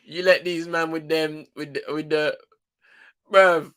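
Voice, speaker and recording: A man's voice: on the high side, level tone, normal speed, a bit bright, smooth. A young man reacting to a football match live as a watchalong host, slangy and exasperated, often breaking into laughter.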